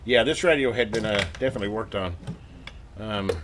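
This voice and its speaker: A man hosting a radio repair video, chatting casually and excitedly to viewers as he tests and works at his home workbench. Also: lowish voice, brisk, slight background noise. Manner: excited, rambling, talks to viewers while working. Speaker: radio repair channel host. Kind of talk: casual hands-on workbench narration.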